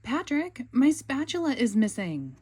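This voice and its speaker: SpongeBob, a woman doing a high eager sea sponge. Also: measured pace, breathy edge, exaggerated voice. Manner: excitable, earnest, exclamatory. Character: cheerful eager young sea sponge fry cook. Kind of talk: storybook read-aloud.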